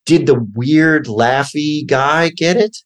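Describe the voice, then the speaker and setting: A man's voice: on the high side, takes it slowly. Rambling, self-correcting man from Oklahoma. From Oklahoma, USA. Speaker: actor guest. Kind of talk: casual interview storytelling.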